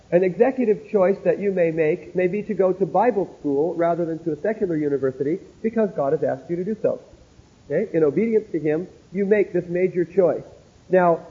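Male Bible lecturer, direct storytelling sermon style, husky tone, phone-thin old classroom tape. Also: a little high. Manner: earnest, direct, storytelling with asides. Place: classroom with a board. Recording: tinny narrow-band old recording.

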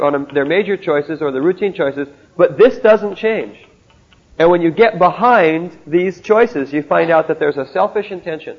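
A man's voice: on the high side, husky. A man giving an earnest, tinny classroom sermon. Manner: earnest, direct, storytelling with asides. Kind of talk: sermon-style lecture to students. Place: classroom with a board. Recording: tinny narrow-band old recording.

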